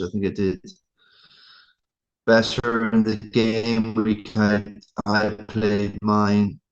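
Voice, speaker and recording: An Irish man hosting a casual fantasy football review, rambling and ranting in exasperated asides. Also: lowish voice. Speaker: fantasy football league host. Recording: dull lo-fi sound.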